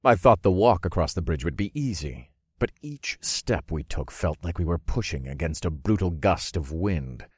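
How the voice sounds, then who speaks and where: A man giving measured, dramatic first-person narration of a fantasy audiobook. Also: low voice, animated, a little mellow, slightly rough, dry recording, studio quality.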